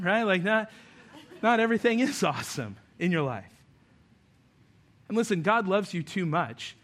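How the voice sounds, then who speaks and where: A man with a high, bright voice preaching to his congregation. He talks earnestly and conversationally, often poking fun at himself as he makes his points. His tone is sharp and ringing, pitched above most men. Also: expressive, moderate pace. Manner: earnest, conversational preaching with self-deprecating asides. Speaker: pastor. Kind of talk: sermon.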